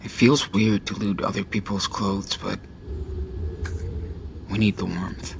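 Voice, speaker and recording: A man's voice: on the low side, steady tone, slow pace, creaky, slight background noise. An actor playing a worn-out teenage boy looking after his little brother, in a muttered, tired inner monologue for a video game. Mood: weary.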